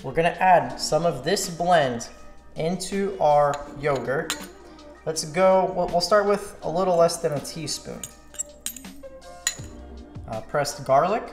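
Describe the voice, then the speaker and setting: A man from Slovakia hosting a cooking channel, talking viewers through a recipe step by step in a relaxed, casual way in a home kitchen. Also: on the high side, slow, pauses often. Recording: echoey kitchen with music bed. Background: background music, clinking dishes.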